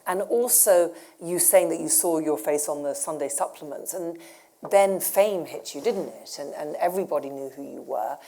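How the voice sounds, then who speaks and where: A woman's voice: low voice, normal speed, dark tone, a little hiss or hum. A woman interviewing a guest on stage, attentive and encouraging with short affirmations. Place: community centre hall with live audience.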